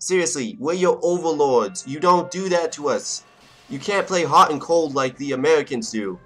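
A man's voice: mid-range voice, a bit bright. A young man casually commenting on his strategy game as he plays, joking and talking to the nations on screen. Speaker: let's play gamer. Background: faint game music.

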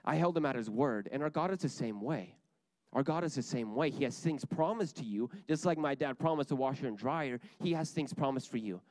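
A man's voice: medium pitch, animated, fairly quick, darkish tone, no echo. Earnest young man preaching. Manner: earnest, repeats key lines for emphasis. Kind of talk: sermon.

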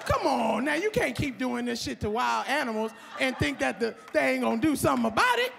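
A woman doing stand-up comedy on a club stage, loud and profane, shouting her punchlines at the audience. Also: high voice, sing-song, a little fast, vocal fry, long reverb tail, noisy background. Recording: live club, audience laughter.

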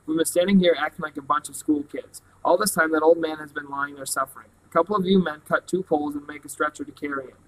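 A man's voice: on the high side, fairly even intonation, fast talker, hardly any pauses, a bit bright, slight background noise, natural voice, poor audio. A man reading a commanding adult hunt leader's lines in a firm, matter-of-fact way.

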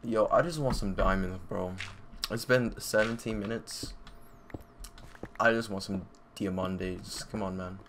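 A young man giving casual, excitable gameplay commentary at home, full of slang, talking to himself and his viewers. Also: on the low side, unhurried, long pauses. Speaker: gaming YouTuber. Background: computer fan noise and keyboard clicks.

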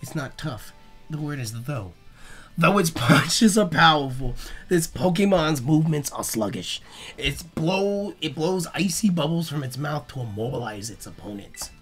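A young man hosting a casual let's play, excitable and profane, talking back to the creatures on screen. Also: a little high, moderate pace, breathy edge, faint music behind. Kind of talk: casual gameplay commentary.

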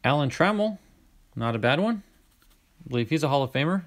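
Host voice: chatty man, a bit high, reads card names aloud, gets excited at big pulls. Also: a little fast. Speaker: card-collecting channel host. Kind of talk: casual card-opening commentary.

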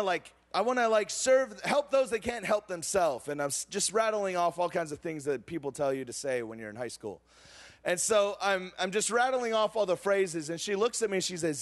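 Young man preaching, emotive storytelling. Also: sits high. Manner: storytelling, emotional swings from excited to hushed. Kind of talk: sermon.

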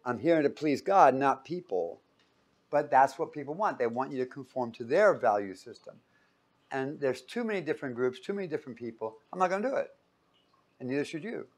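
A man leads a Bible teaching in a relaxed, joking way. He talks in an everyday voice of middle pitch and keeps turning to his listeners with questions. It sounds like a teaching room with a whiteboard. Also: a little fast. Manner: casual, joking, asks the audience questions.

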